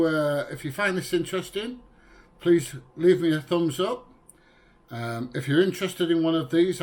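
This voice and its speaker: A British man chatting casually in a product review vlog, rambling with plenty of fillers. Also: on the high side. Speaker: vlogger. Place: inside a vehicle, then at a computer.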